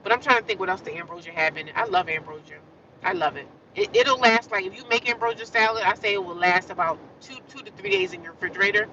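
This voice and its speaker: Woman, livestream chat, rambling and repetitive, bright edgy voice, distant slightly dull phone audio. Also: mid-range voice, quick pace, slight background noise. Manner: rambling, repeats herself, chatty with viewers.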